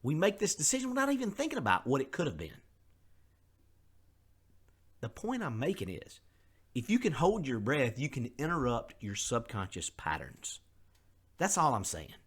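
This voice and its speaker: A man's voice: mid-range voice, huge pitch swings, normal speed, long pauses, breathy edge. A middle-aged man, hosting a podcast in an earnest, conversational way and openly admitting his faults. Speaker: podcast host. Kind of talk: candid motivational podcast monologue.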